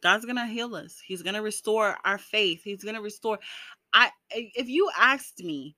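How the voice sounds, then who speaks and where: Earnest, bright-voiced woman vlogger. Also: medium pitch, normal speed, no echo. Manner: earnest, encouraging, many fillers like "you know"; emotional, breaks into laughs while speaking. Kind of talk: personal vlog talking to viewers.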